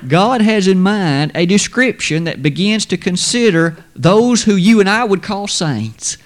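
Male preacher, somewhat high voice, measured and emphatic sermon delivery. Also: lively intonation. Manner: measured, emphatic preaching with sudden rises and drops in pitch.

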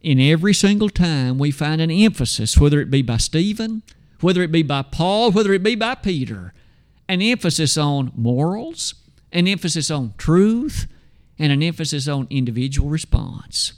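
A man preaching a sermon, emphatic, asking rhetorical questions and slowing down to stress scripture. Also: on the high side, animated.

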